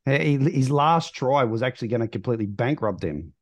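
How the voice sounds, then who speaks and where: Relaxed man co-hosting a podcast. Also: medium pitch, brisk, no echo. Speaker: podcast co-host. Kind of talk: casual podcast chat.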